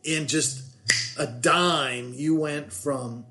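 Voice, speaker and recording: A man's voice: fairly high pitch, steady tone, drawn-out words, pushed and bright, soft background music. A middle-aged man, guest on his daughter's podcast, telling family stories in a rambling, self-deprecating way with many restarts. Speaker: podcast guest, the host's father. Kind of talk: casual storytelling chat.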